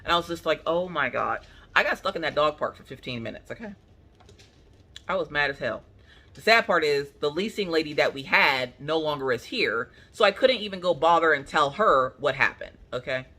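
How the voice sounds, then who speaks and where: A woman crafting-channel host from Pennsylvania, telling a story in casual chat, animated and colloquial, acting out what people said. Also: sits low, brisk. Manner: animated, colloquial, acts out quotes.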